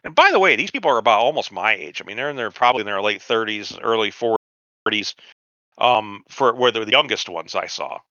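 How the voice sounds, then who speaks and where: A man's voice: lowish voice, lively intonation, fairly quick, pushed and bright, dry recording, lo-fi sound. A man in his forties telling a long, profane, rambling anecdote on a casual podcast, acting out the quotes of people he met. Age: 40s. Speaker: podcast host. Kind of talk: casual storytelling chat.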